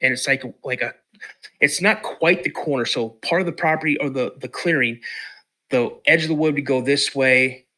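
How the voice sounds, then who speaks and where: Bright-toned man telling a lively story. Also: mid-range voice, normal speed. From Washington State, USA. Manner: lively storyteller who acts out the voices of others. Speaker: podcast guest. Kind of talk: animated storytelling in a podcast interview.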